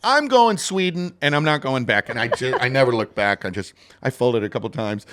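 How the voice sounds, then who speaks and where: A man co-hosting a casual chat, telling stories in a rambling, animated way. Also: medium pitch, brisk. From Texas, US. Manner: rambling, animated storytelling with laughs. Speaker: co-host.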